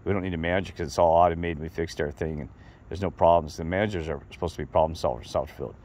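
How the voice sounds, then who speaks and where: A middle-aged man telling a rambling, animated story in a casual monologue to his viewers. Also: low-pitched, very fast. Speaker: vlogger.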